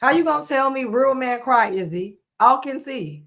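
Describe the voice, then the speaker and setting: A woman with a fairly high voice scolds bluntly in casual commentary. She repeats herself for emphasis and talks with flat certainty. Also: moderate pace.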